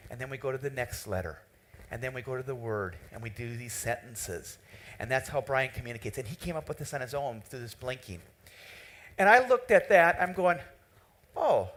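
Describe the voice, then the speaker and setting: A man giving a conference keynote in a hall, telling a story with lively quoted dialogue. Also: on the high side. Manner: animated, tells a story and quotes the people in it. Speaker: keynote speaker.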